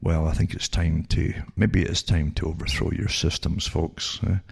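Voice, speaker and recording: An older Scottish man hosts a radio talk show, reading news items aloud with sarcastic commentary and mocking asides like "eh?" and rhetorical questions. His very low, gravelly voice is thick with fry and sounds rough and husky throughout. He keeps a level tone at a moderate pace.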